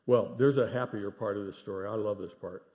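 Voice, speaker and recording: A middle-aged man preaching a sermon in a church, earnest, dropping to hushed tones for emphasis. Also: lowish voice, steady tone, a little fast, highs cut off. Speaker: pastor. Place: church sanctuary.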